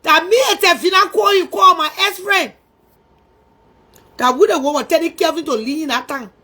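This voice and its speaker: A woman with a Liberian English accent hosting a live stream and commenting casually, with loud emotional exclamations. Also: very high-pitched, normal speed.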